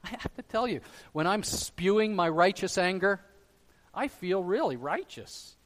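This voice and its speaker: A male pastor delivers a sermon in a slightly high voice. He pushes loudly on his main points, then drops low and soft. The long reverb of a large hall trails behind every phrase. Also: animated, measured pace. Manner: emphatic preaching, swinging between loud stresses and quiet drops.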